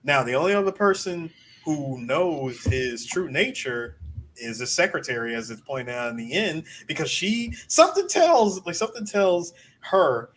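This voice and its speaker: A man co-hosting a podcast in casual chat, animated and joking with quick asides. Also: on the high side, a little hiss or hum, poor audio. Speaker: podcast co-host.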